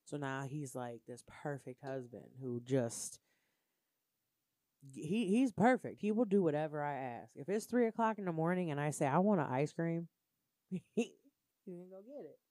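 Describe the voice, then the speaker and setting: A woman in casual chat, telling animated, profane stories. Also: sits low, normal speed, no room sound, clean studio sound.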